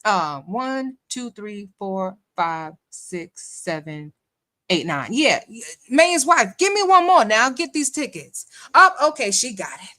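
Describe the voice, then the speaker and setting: Bright-voiced woman hosting a livestream. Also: mid-range voice, sing-song, slow. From New York City. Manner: chatty, reads viewer comments aloud, laughs often. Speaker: livestream host. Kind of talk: casual livestream chat.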